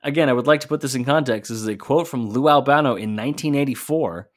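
A man's voice: medium pitch, quick pace. A man co-hosting a podcast, recapping an old clip in casual chat and swearing now and then. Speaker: podcast co-host.

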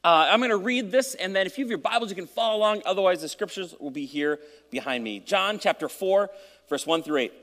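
High-voiced pastor in an echoing hall. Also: male voice, fairly quick, a bit bright. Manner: casual and joking, then reading scripture and praying. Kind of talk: sermon. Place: church sanctuary.

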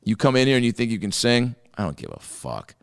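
A man's voice: medium pitch, huge pitch swings, brisk, gravelly, dry recording, clean studio sound, in a large hall, voice pushed up. A man impersonating a blunt, cruel male talent-show judge who tears into contestants with profane put-downs. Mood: scornful.

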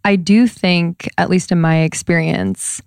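Casting: woman podcast co-host, lowish voice, reflective and searching, dry studio sound. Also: fairly even intonation, darkish tone, clean tone, no echo. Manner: halting, thoughtful questions with many restarts. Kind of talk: casual podcast conversation.

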